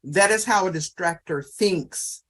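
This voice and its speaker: A man's voice: high voice, unhurried, fairly bright tone. A man teaching at a church ministry session in a conversational way, listing traits and often adding "you know". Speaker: ministry workshop speaker.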